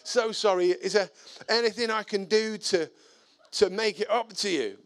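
A man's voice: high voice, normal speed, a bit bright, no echo, pitched above the performer's own voice. A man voicing a sheepish, apologetic male neighbour, in a pleading, flustered way.

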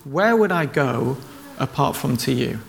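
Male preacher, gravelly tone, conversational storytelling with acted-out quotes, faint background noise. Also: medium pitch, lively intonation, a little slow. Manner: retells stories conversationally, acting out quoted lines. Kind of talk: sermon.

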